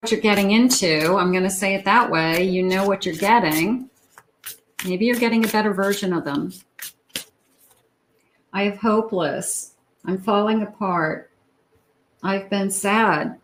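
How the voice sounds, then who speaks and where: A woman giving a tarot love reading, talking slowly and musingly to her viewers. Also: mid-range voice, slight background noise, rough recording. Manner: slow, musing, talks to the viewer. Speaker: tarot reader.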